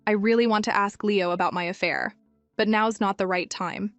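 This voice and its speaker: A woman voicing a feisty young wife with no memory, speaking higher and indignant, over faint music. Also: steady tone, normal speed, no echo, natural voice. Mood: puzzled. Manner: indignant, higher and brighter than narration. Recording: dry, music faint behind.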